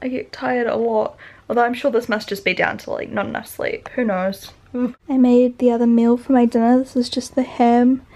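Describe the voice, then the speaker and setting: A woman's voice: on the high side, steady tone, moderate pace, warm tone. A young woman from New Zealand with a New Zealand accent, chatting casually and rambling in a tired way while vlogging at home. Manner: chatty, rambling, laughs often. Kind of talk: casual vlog chat. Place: home bedroom, indoors.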